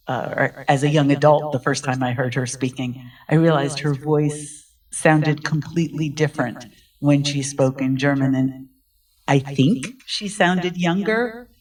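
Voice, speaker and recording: A man, thoughtfully adding a personal comment in a discussion. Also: mid-range voice. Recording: distant mic.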